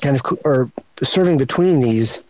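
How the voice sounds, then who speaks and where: A man on a podcast explaining government research agencies hesitantly, with many pauses and fillers. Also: medium pitch, lively intonation, darkish tone, dry recording, rough recording. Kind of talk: casual explanation.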